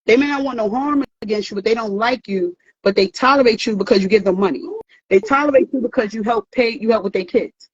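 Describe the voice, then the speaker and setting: A woman's voice: on the high side, fast, slightly rough, no echo, lo-fi sound. A woman giving earnest, emphatic advice in a casual talk, often repeating words as she goes. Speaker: therapist host.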